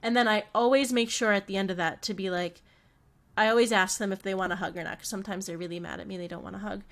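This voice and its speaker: A woman's voice: medium pitch, fairly even intonation, fast talker. A woman, a nanny and behavior technician, telling a story on a podcast in rambling, filler-heavy casual chat. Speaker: podcast co-host.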